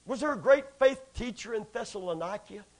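High gravelly-voiced man preaching. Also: animated, brisk. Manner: swings from shouting to hushed, whooping. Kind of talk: sermon.

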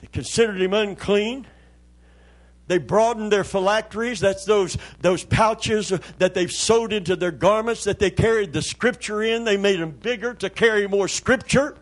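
A man's voice: sits high, normal speed. An older man, a pastor preaching a Pentecostal sermon in a church, joking in a folksy way and calling on the congregation for amens.

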